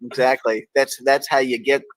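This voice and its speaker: A man's voice: medium pitch, little pitch movement, moderate pace, no echo, poor audio. A man from Texas hosting a casual talk show, reading daily quotes aloud with playful emphasis. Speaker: host.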